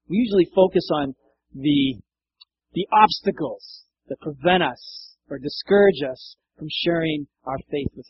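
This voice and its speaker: Man preaching a casual, lively sermon. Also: a little high, slightly rough, lo-fi sound. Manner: conversational preaching, acts out quotes with laughs. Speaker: pastor.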